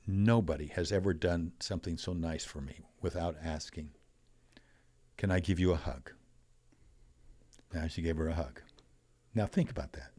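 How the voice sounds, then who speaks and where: An older man telling stories as a podcast guest, animated, acting out quoted voices. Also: deep voice, no room sound. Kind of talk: storytelling in a conversational interview.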